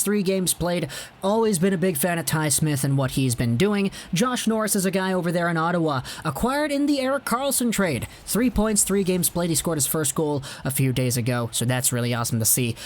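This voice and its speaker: A young man hosting a hockey video, talking in a chatty, rambling, lively way. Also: high-pitched. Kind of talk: casual commentary to camera.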